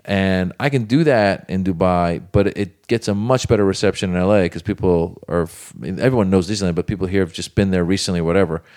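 A comedian telling a lively story in casual talk, acting out other voices. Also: male voice, deep voice, a little fast, few pauses. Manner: animated, acts out voices in anecdotes. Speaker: comedian guest.

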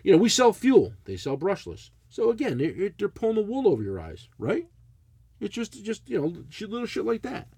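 A man's voice: high voice, normal speed, breathy edge, dry recording. A middle-aged man, telling a profane, blunt story in casual chat as a podcast co-host. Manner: animated, swearing, blunt ranting.

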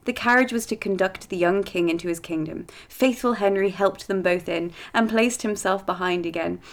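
A woman's voice: medium pitch, moderate pace. A woman reading a fairy tale aloud in a casual way, with playful asides and laughs. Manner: chatty, laughs between lines, playful asides.

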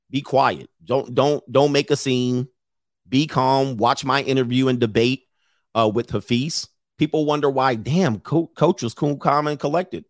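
A man's voice: medium pitch, no room sound, clean studio sound. A middle-aged man giving blunt, profane advice in a casual talk, often mimicking others in a raised voice. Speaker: podcast host giving advice.

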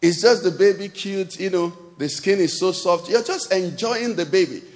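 A man's voice: sits high, normal speed, darkish tone. A man with a Nigerian English accent preaching a sermon as pastor. He talks conversationally and keeps asking the congregation questions. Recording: long hall reverb.

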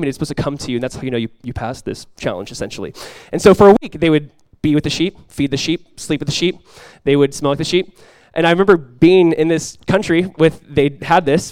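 A man preaching a sermon as pastor, telling stories with lively energy, then dropping quiet and slow to press a point. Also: a little high, clean tone, dry recording, studio quality. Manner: animated storytelling, drops quiet and slow for emphasis; conversational, many fillers like "like" and "you guys".

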